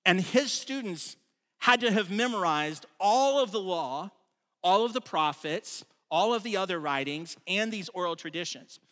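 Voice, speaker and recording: A man preaches in a high, bright, forceful voice, keeping it relaxed and conversational while he stresses key points. He often stumbles into restarts. His voice carries a long reverb from the large room he speaks in. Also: measured pace. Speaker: pastor. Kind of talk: sermon.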